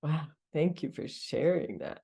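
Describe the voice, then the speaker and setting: Meditation teacher lady, laughs a lot, talks slow with lots of ups and downs. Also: deep voice, animated, gravelly, slightly rough. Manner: warm, laughs often, gasps with delight. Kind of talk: group sharing after a meditation.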